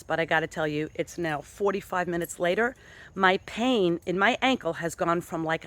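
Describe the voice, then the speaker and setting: Animated, enthusiastic woman vlogger. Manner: animated and enthusiastic, with sudden pitch jumps. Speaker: wellness and fitness motivator. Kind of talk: casual motivational vlog monologue.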